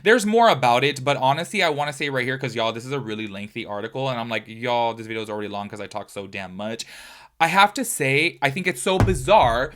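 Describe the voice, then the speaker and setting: A man's voice: medium pitch, fast talker. A man with a mid-range voice talks through a casual reaction commentary, reading an article aloud. He keeps breaking into chatty, exclaiming asides full of fillers. He sounds like he is recording at home. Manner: chatty and expressive, often exclaiming, with frequent fillers. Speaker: commentary YouTuber.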